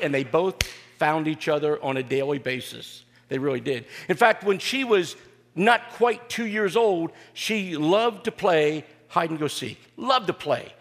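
A man's voice: high voice, fairly bright tone. Folksy older man preaching in a hall. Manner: folksy and joking, with frequent "uh" fillers. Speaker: pastor. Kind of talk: sermon with personal storytelling. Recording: long reverb of a large hall.

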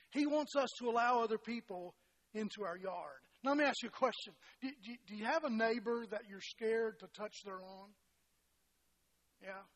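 A man's voice: high voice, a bit bright, poor audio. A middle-aged man preaching a sermon as a pastor, folksy and self-deprecating, often restarting his phrases and peppering them with "you know". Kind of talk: sermon with personal stories.

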